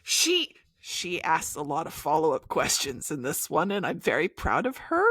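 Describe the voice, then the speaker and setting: A woman co-hosting a podcast in an animated, playful chat, her bright voice swinging up and down in pitch. The sound is dry and close, with no room around it. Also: moderate pace, breathy edge, no room sound. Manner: animated, playful, quotes characters in mock voices. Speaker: podcast co-host. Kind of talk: casual chat about a game.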